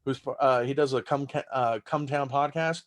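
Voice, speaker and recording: A Texan stand-up comedian with a Southern American accent tells stories on a casual podcast, loose and profane, laughing as he goes. He speaks at normal speed with a medium pitch and fairly even intonation.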